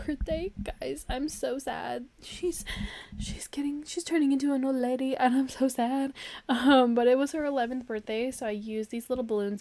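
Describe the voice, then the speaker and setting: A woman's voice: medium pitch, a little mellow. A young woman chatting casually through her planner spreads, bubbly and rambling with lots of fillers and laughs. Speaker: planner vlogger.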